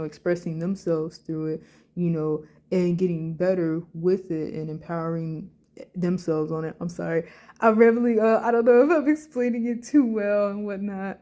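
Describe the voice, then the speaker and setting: A woman's voice: medium pitch, mellow. A woman vlogger giving casual, rambling reaction commentary into her phone, short of breath and emotional, full of fillers.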